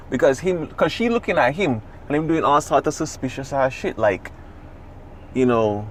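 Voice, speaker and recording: A man, co-hosting a podcast in casual chat, talking in an animated, profane, rambling way. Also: mid-range voice, moderate pace, slight background noise. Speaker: podcast co-host.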